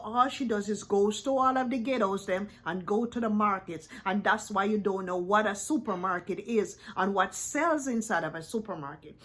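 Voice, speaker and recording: A woman with a somewhat high-pitched voice delivers a ranting reaction commentary. She talks bluntly and scolds, lecturing the person she addresses point by point. She sounds middle-aged. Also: a bit bright. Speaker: YouTube reactor.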